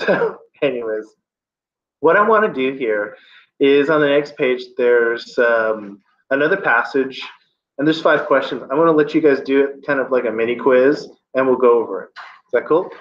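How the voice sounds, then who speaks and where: A man's voice: mid-range voice, normal speed. A male teacher leading a test-prep lesson, loose and joking as he walks students through answers. His voice rings in a roomy classroom, the sound a little dull, with faint room noise behind. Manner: casual, joking, encouraging.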